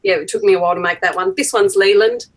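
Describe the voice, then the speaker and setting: A woman's voice: mid-range voice, fairly even intonation, fast talker, background noise. A woman with an Australian accent chatting easily on a video call and explaining how she makes things, laughing often. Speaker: fan puppet maker on a live video call. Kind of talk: casual chat.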